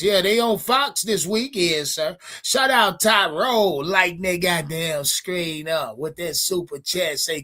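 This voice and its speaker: A high-pitched man hosts a live sports stream. He talks casually and profanely, calling out to his chat in an animated way. His voice sits well above the usual range for a man.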